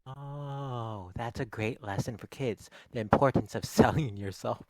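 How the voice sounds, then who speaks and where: A man's voice: medium pitch, measured pace, no room sound. Jokey male podcast co-host, dry close sound. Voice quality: animated, jokey storyteller. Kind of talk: casual movie podcast chat. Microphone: lavalier microphone.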